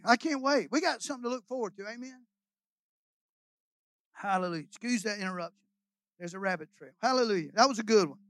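A man's voice: high-pitched, expressive, fast talker, long pauses, a bit bright, dry recording, rough recording. An older man, a guest pastor preaching a sermon in a folksy, emotional, rambling storytelling way full of hallelujahs and amens.

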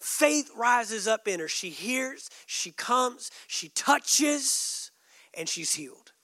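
A male pastor preaching a sermon, emphatic, dropping suddenly soft and adding joking asides to the congregation. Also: very high voice, big pitch swings, takes it slowly, no room sound, clean studio sound.

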